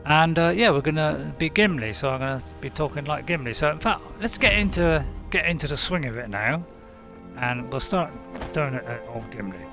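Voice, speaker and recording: A man's voice: a little high, moderate pace, fairly bright tone, faint music behind. A man, a game streamer, giving casual, rambling let's-play commentary full of asides. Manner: chatty, rambling, many fillers and asides.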